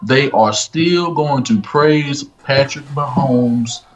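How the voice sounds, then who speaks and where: A man co-hosting a casual sports chat, emphatic and slowing down to stress his points. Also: medium pitch. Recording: dull lo-fi remote line with faint hiss.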